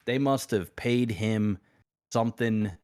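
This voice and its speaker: A man's voice: lowish voice, takes it slowly, darkish tone, clean tone. A man co-hosting a casual podcast, speaking in a blunt, confident way and swearing freely. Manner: blunt, profane, confident speculation. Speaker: podcast co-host.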